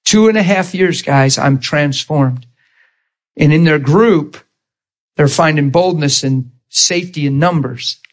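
A man, a pastor, telling a personal testimony in a sermon, animated and leaping into high excited exclamations. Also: measured pace. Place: church sanctuary.

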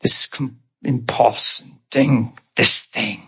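Husky storytelling preacher, a man. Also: medium pitch, takes it slowly. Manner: animated storytelling, laughs often, acts out quotes. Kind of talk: storytelling sermon.

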